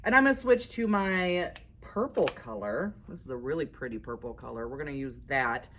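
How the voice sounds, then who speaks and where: A woman's voice: extremely low pitch, lively intonation, normal speed, fairly bright tone, slight background noise. A woman giving a casual drawing tutorial as an art instructor, chatty and upbeat, laughing at herself as she works.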